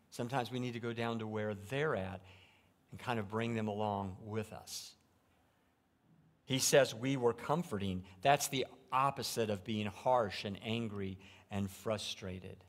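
A middle-aged man preaching a sermon from a church pulpit, shifting between quiet, reflective stretches and loud, emphatic preaching. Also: mid-range voice. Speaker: pastor. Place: church sanctuary.

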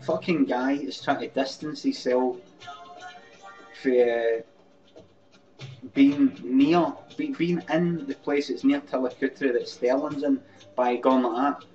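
A man's voice: mid-range voice, takes it slowly, pauses often, darkish tone, faint music behind. A Scottish man hosting a live webcam comedy show, mocking and sarcastic, swearing often. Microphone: webcam mic. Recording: dull lo-fi webcam audio.

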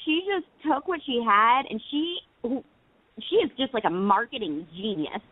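A woman's voice: a little high, very animated, normal speed, dry recording. A woman in her thirties, a guest actress calling in to a casual interview and telling stories with frequent laughter. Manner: bubbly storyteller, laughs often. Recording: phone line.

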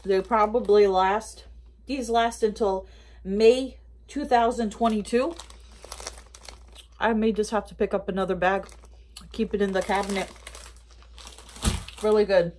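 A woman's voice: medium pitch, fairly even intonation, measured pace, long pauses, a little mellow, slight background noise. A woman chatting casually as she tries out makeup and candy from a store haul, thinking aloud and rambling. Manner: talks with mouth full of candy. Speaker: haul vlogger. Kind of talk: casual product review.

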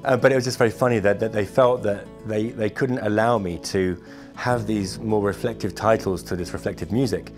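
A man, a musician, recounting his travels to camera in a wry, animated storytelling manner. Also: lowish voice, a little fast, faint music behind. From Britain. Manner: animated, acts out other people's lines; wry, amused asides.

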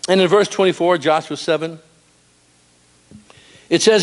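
A man preaching a sermon in a church, animated and storytelling with humor. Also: on the high side, normal speed, long pauses. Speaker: pastor. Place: church sanctuary.

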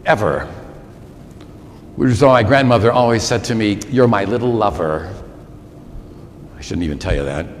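A man's voice: medium pitch, a little hiss or hum. A man in his sixties, a priest delivering a sermon in a large church, emphatic and given to repeating words for effect. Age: 60s. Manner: animated, emphatic repetition. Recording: reverberant church, faint ambience.

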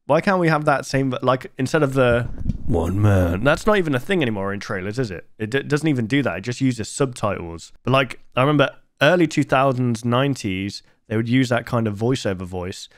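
A young man hosting a casual reaction video, chatty and quick to make joking asides. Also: mid-range voice, lively intonation, no echo, clean studio sound. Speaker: host.

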